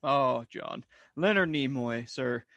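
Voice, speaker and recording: A man's voice: medium pitch, slow, creaky, fairly bright tone, dry recording. A man co-hosting a podcast, cracking puns and wisecracks in casual chat. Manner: wisecracking, punny. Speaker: podcast co-host.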